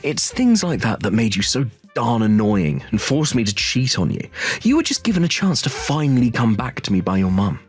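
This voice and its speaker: A man's voice: medium pitch, very animated, normal speed, breathy edge. A synthetic man's voice reading an arrogant, cheating rich ex-husband who taunts smugly in a text-message story. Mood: angry. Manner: smug, taunting. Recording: faint music underneath.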